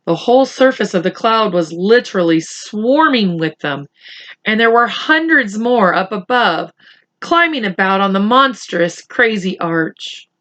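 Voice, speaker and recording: A woman reading a chapter book aloud for children in a gentle, teacherly way, talking to the boys and girls. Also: medium pitch, animated, unhurried. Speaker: children's story reader. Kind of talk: read-aloud for kids.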